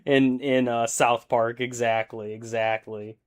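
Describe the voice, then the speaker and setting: This young adult man keeps his delivery flat as he talks unhurriedly and drawls on a relaxed live stream. His voice is mid-range and easygoing, and he wanders through his thoughts aloud while painting, frequently breaking into laughter.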